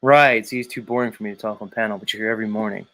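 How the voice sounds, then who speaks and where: A man's voice: fairly low pitch, steady tone, racing, sharp tone. A man hosting a daily live stream, reading viewer comments aloud and teasing commenters by name in a rambling, casual way. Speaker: livestream host reading chat.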